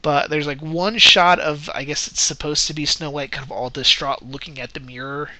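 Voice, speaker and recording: A man's voice: fairly high pitch, fairly even intonation, normal speed, pushed and bright. A man giving a casual spoken movie review, rambling and correcting himself as he goes, often breaking into laughter. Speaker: film reviewer.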